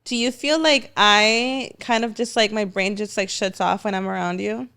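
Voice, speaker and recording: A woman's voice: medium pitch, fairly even intonation, normal speed, pushed and bright, smooth. A woman guesting on a casual podcast, playful and teasing as she talks. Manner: playful, teasing, laughs between lines.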